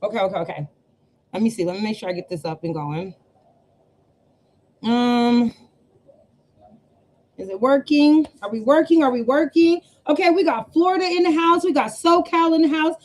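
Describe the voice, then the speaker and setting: High-pitched woman coach chatting on a live stream from home, laid-back slang, lots of y'all and honey. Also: normal speed, pauses often. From US West Coast. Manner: chatty, warm slang, laughs often, addresses viewers as y'all and honey. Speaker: business coach. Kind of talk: casual livestream chat. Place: home room. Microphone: webcam setup with two cameras.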